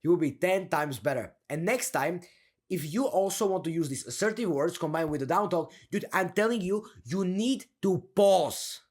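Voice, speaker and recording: An upbeat young man talks like a coach, slangy and quick to laugh. His voice sits fairly high and swings widely in pitch. He often drops into a slower, deeper delivery to show how it sounds. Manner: energetic, laughing, slangy, demonstrates a deep down-turned delivery. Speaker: confidence coach. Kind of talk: casual coaching monologue.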